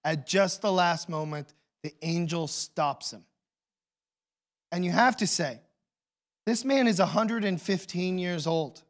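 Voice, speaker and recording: A man preaching a sermon as pastor, telling the story with swings between hushed and loud emotional delivery. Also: sits high, slow.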